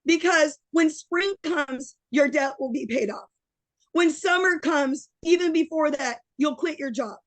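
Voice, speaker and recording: High-voiced fiery midlife woman coach. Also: a little slow, no room sound, poor audio. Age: middle-aged. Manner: impassioned, emotional, preachy. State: losing her voice. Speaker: online business coach. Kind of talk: motivational webinar pep talk.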